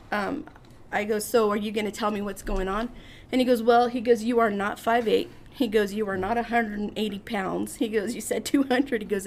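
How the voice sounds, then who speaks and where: A woman spins a personal story on a podcast in a gravelly, creaky voice, jumping into animated voices for the people she quotes. Her pitch sits in the middle of the range for a woman. Faint noise hums behind her. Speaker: podcast guest. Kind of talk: casual storytelling.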